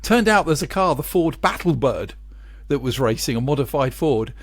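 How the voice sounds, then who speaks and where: A man's voice: a little high, animated, moderate pace, no room sound. A man co-hosting a podcast, telling good-humoured anecdotes in casual chat. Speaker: podcast co-host.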